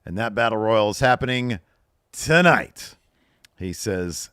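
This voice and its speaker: A man with a fairly low voice recaps a wrestling broadcast in a casual podcast chat. He lifts his voice when quoting the people on the show. The sound is close and dry, with no room around it. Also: moderate pace, a bit bright, no room sound. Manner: retells scenes, quoting lines in a raised voice. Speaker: podcast co-host.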